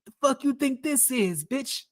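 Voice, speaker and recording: A man's voice: extremely high pitch, animated, measured pace, voice pushed up. A man voicing a crude, scornful husband who belittles his wife and curses at her. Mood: sneering. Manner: cursing, contemptuous, sneering.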